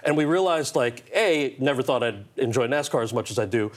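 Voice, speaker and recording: A man in his forties, a guest on a talk show, rattles through his stories at a quick clip. He tells them in an animated way and often laughs. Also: mid-range voice. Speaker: guest actor and author.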